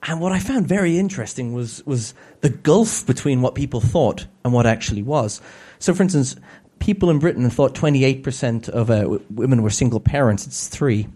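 A man's voice: medium pitch, expressive, normal speed, warm tone, slightly rough. A man giving a humorous public talk to an audience, sardonic, with joking asides.

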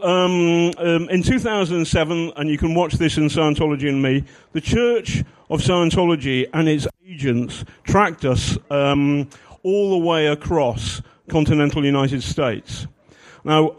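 Rambling man addressing an audience. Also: fairly high pitch. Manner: rambling with fillers, self-mocking. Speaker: speaker. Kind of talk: humorous talk to an audience.

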